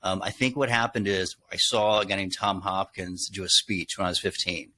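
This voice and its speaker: A middle-aged man from Texas, a guest on an interview show, telling stories in a lively way and acting out quotes. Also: deep voice, moderate pace, a little hiss or hum. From Texas, USA. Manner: animated storyteller, acts out quotes. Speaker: guest, handwriting expert. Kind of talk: casual interview talk.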